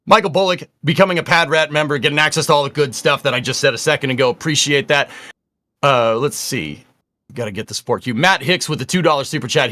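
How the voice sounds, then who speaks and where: A man's voice: medium pitch, pushed and bright. A man hosting a casual livestream, upbeat and chatty, reading viewer messages aloud. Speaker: livestream host.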